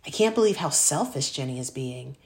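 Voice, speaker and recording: Low-voiced woman narrating a story. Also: brisk. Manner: expressive, storytelling. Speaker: audiobook narrator. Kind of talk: scripted first-person narration.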